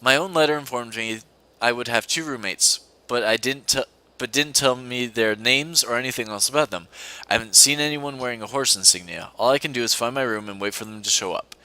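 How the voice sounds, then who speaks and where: A man's voice: medium pitch, brisk, sharp tone, clean tone, no room sound. A young man hosting a co-op game video, reading a visual novel aloud with playful, giggly asides. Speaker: let's-play host reading a visual novel. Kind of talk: casual co-op game commentary and read-aloud. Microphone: desk mic at a computer.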